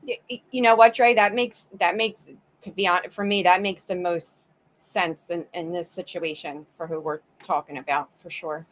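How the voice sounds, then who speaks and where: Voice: medium pitch, fairly even intonation, normal speed, hardly any pauses, a bit bright, low-quality recording. True crime stream cohost, mostly agreeing, says hi to chat folks. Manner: agreeable, greets chat viewers by name. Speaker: livestream co-host. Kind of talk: livestream true crime discussion.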